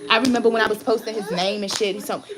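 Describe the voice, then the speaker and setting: A woman's voice: mid-range voice, fairly even intonation, racing. A woman, a tarot reader hosting her channel, rants to her viewers in a blunt, heated way, swearing often and repeating herself. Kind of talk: casual ranting vlog.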